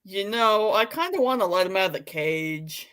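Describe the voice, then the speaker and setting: A woman co-hosting a casual chat, mostly giving short, dry replies of agreement and quick jokes. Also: mid-range voice, lively intonation, a bit bright, clean tone. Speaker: co-host.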